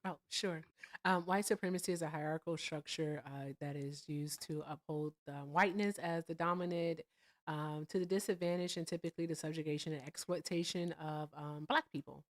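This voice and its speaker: A woman hosting a live debate stream, speaking directly and explaining in measured terms. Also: sits low, steady tone. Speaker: host.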